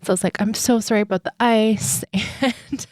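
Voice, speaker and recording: A woman podcast host telling a personal story in a rambling, chatty way, full of "like" and "um" and quick laughs. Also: a little high, fairly even intonation, darkish tone, no echo, studio quality.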